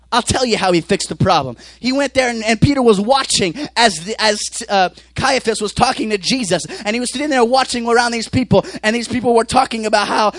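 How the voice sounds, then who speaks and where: A man preaching a sermon, dramatically acting out the characters and swinging between shouting and whispering. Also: very high-pitched, no echo.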